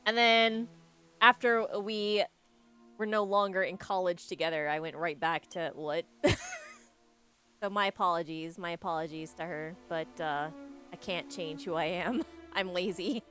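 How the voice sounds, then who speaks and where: A woman's voice: fairly low pitch, measured pace, a bit bright, faint music behind. A woman streaming a game, chatting casually and joking at her own expense. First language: English. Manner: chatty, joking and self-mocking with frequent laughs. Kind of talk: casual live-stream chat while gaming.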